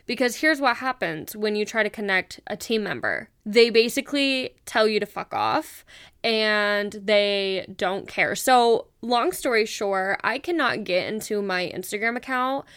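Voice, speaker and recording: A young woman hosts her own podcast, chatting away frankly and casually. Her voice is smooth and clear, she swears without a second thought and breaks into laughter often. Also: mid-range voice, lively intonation, measured pace, fairly bright tone. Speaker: podcast host.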